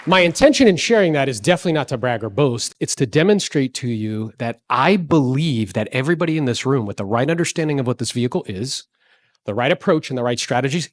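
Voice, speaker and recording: A man in his forties giving an energetic motivational talk to a live audience, telling stories and asking the crowd questions. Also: on the high side, dry recording, clean studio sound. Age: 40s. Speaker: real estate speaker.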